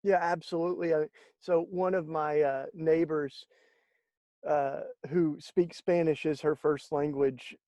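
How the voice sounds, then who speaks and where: A man, a guest in an interview, telling stories in a lively conversational way and acting out the voices of the people he quotes. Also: a little high, measured pace, no room sound. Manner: animated storyteller, acts out quoted speech. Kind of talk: conversational storytelling.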